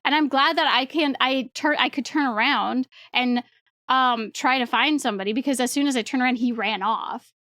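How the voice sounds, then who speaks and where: A young woman chats to her stream in a high, bright voice. She rambles, swears offhand and keeps breaking into laughter. The sound is close and dry, with no room echo at all. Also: normal speed. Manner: rambling, excitable, laughs often, swears casually. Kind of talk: casual storytelling to stream chat.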